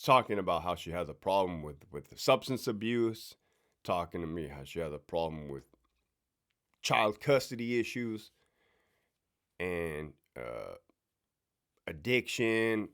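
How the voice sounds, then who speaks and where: A man, a prison officer and crisis negotiator, telling a story in a casual, slangy, profane way. He keeps tagging his lines with "right?" and often drops his voice to a hush. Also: low voice, animated, moderate pace.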